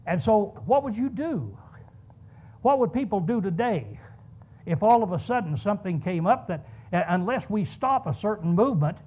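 A man preaching a sermon, telling a story and asking rhetorical questions. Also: high-pitched. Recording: tinny phone-like sound.

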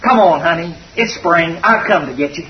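A tender young country boy coaxes his sweetheart to come away with him, earnest and a little halting, as a preacher puts him on. The voice sits lower than the preacher's own high voice, on a dull recording heard from some way off. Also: distant mic, slight background noise, close to an everyday voice. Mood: tender pleading.

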